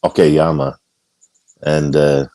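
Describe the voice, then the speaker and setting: Casting note: very deep male voice, dry close sound, loose rambling anecdote with fillers and swearing. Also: level tone, slow, dark tone, no echo. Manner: rambling storyteller, swears casually. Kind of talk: casual chat.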